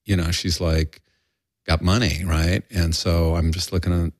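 A man's voice: low voice, flat delivery, a little slow, no echo. An older man telling a rambling, profane story in a candid interview, acting out quoted voices. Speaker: guest.

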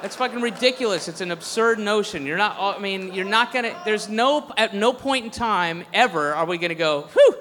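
A high-voiced, bright male comedian rants on stage, profane and sarcastic. The sound carries a long hall echo, with a faint crowd underneath. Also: fairly quick, few pauses, a little hiss or hum. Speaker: stand-up comedian. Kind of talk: stand-up set.

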